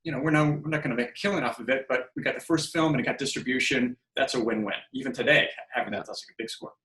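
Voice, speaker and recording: Rapid-fire and medium-pitched, a fifty-something podcast guest casually tells stories, animatedly performing the dialogue he quotes. The recording is roomy and low quality.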